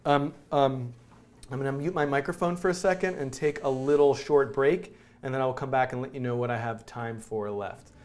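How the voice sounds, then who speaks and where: A man's voice: medium pitch, moderate pace, darkish tone. A man teaching a live-streamed coding lesson, talking through his code as he types and joking at his own expense. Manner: chatty, self-narrating while typing code; jokey, laughs at himself. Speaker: coding instructor.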